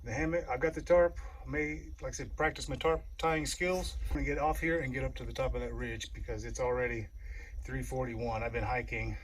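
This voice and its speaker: A man's voice: medium pitch, steady tone, low-quality recording. Winded man rambling on a hike. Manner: rambling, halting, with many fillers and restarts. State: out of breath. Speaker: outdoor vlogger. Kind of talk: casual hiking vlog narration. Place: wooded ridge outdoors.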